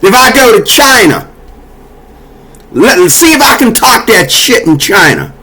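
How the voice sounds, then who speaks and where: A man's voice: high voice, big pitch swings, measured pace, bright, forceful tone, husky. A man delivering a heated, profane political monologue, scolding and cursing as he talks. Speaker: political commentator. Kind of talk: angry monologue.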